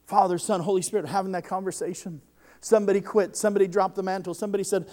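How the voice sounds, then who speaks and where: A man's voice: high voice, steady tone, racing, warm tone. A man preaching a sermon to a congregation, impassioned, often doubling the first word of a sentence as he builds. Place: church service before a congregation.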